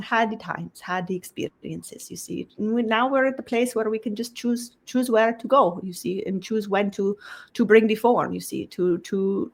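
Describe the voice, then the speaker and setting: Woman channeling, tagging nearly every phrase. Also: medium pitch. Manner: ends nearly every phrase with a tag question; halting, repeats words as she searches for them. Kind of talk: channeled spiritual talk.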